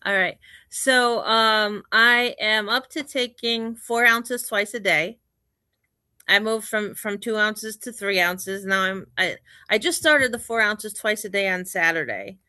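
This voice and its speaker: A woman guest on a casual video chat interview, animated, retelling her days in quick bursts with quoted self-talk. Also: medium pitch, dry recording, studio quality.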